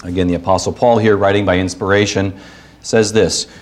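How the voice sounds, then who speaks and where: A man's voice: sits low, steady tone, a little fast. A man preaching a sermon as the pastor of a church, earnest and reading scripture, with playful asides and puns.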